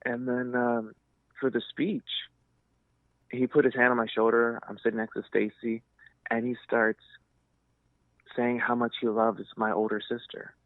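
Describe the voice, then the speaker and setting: A man with a lowish voice tells stories in a relaxed, lively way and slips into the voices of the people he quotes. The sound is thin and narrow, like a phone line, and very dry, with no room around it. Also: no room sound. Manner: lively storyteller, acts out quotes. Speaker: podcast guest. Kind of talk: casual storytelling chat.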